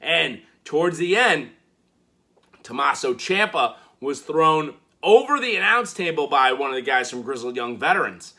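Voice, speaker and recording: A man casually recapping a wrestling show, animated and playful, acting out the quotes he retells. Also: a little high, normal speed.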